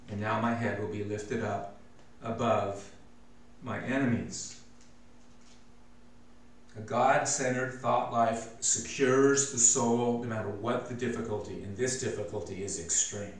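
Slow emphatic preacher in echoey church. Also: male voice, fairly low pitch, steady tone. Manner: slow, emphatic preaching, rising loud on scripture. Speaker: pastor. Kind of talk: sermon. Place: church sanctuary. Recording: very echoey church hall, mic from far off.

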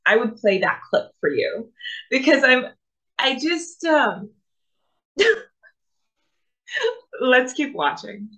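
Bright-voiced woman reacting thoughtfully. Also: a little high, very animated, slow, pauses often, poor audio. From Africa. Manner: thoughtful, hesitant, with frequent restarts. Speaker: reaction video host. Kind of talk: casual commentary.

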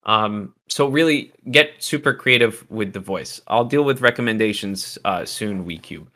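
A man teaching music production in a casual livestream, loose and chatty with asides to the chat, a little hoarse as he is losing his voice. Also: lowish voice, expressive, unhurried, sharp tone.

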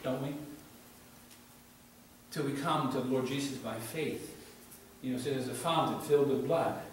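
Man preaching in church, fervent, swings loud to soft, kinda far off mic, lots of echo, faint hiss. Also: fairly high pitch. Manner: fervent, swings between loud exhortation and quiet pleading. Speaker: pastor. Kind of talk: sermon. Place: church sanctuary. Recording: roomy church sound from a distance, faint hiss.

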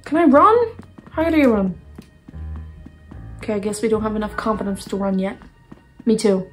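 A woman's voice: mid-range voice, expressive, normal speed, poor audio. Chatty young woman gaming. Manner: chatty, jokey, talks to herself and her pet. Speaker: gaming youtuber. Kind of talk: casual let's play commentary. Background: game music.

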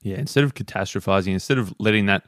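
A man's voice: on the low side, fast talker, a bit bright, no echo, clean studio sound. A man co-hosting a podcast, retelling anecdotes in an easygoing, casual way. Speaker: podcast co-host. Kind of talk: casual book discussion.

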